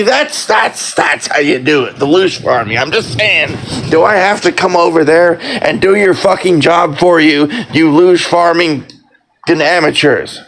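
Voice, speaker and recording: A man's voice: high-pitched, creaky, a bit bright, poor audio. A man in a casual ranting monologue, sarcastic and profane, rambling with lots of fillers and mock-scolding.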